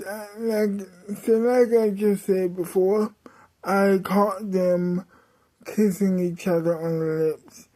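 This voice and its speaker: A woman's voice: mid-range voice, warm tone. A woman telling a comedic story in a dramatic way, correcting herself often and breaking into sudden outbursts.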